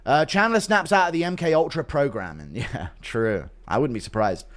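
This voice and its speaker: A man's voice: on the high side, moderate pace. A man hosting a livestream, chatting casually, swearing and laughing as he reads out viewer donations. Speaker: livestream host. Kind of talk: casual commentary chat.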